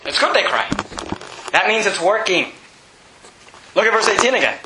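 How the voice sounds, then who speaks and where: A man preaching a sermon as pastor, emphatic and often shouting, with chuckles between points. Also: high-pitched, big pitch swings, moderate pace, long pauses, background noise. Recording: roomy echo.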